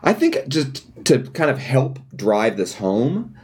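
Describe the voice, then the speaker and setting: A man playing a character in a tabletop role-playing game, talking in a halting, earnest way with many restarts. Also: mid-range voice, sing-song, a little mellow, slight background noise. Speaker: player.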